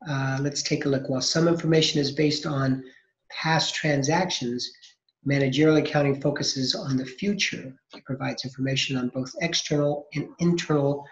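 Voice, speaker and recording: A man's voice: medium pitch, fairly even intonation, brisk, few pauses. A man teaching an accounting lesson, explaining step by step and posing questions he then answers himself. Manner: explanatory, asks and answers his own questions, frequent restarts. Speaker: accounting instructor. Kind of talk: recorded lecture. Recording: echoey, dull lo-fi recording.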